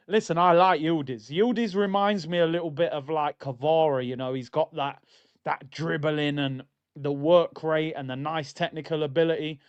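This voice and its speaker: A man hosting a live football watchalong, chatting in an excitable, rambling, jokey way. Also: fairly high pitch, normal speed, smooth. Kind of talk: live fan chat, casual banter. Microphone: streaming mic. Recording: dull lo-fi stream audio.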